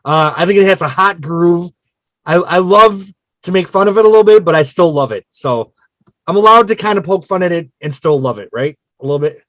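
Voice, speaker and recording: A man hosting a track-by-track album podcast, frank and self-mocking. His voice sits fairly high and sounds dry and close, with no room around it. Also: lively intonation, fairly quick, a bit bright, no echo. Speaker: podcast host. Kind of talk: casual album discussion.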